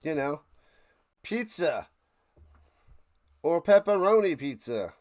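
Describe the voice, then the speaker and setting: A man streaming a live watch-along, rambling between plays and shouting out big plays. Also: fairly high pitch, measured pace. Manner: rambling chatter with sudden shouted play calls.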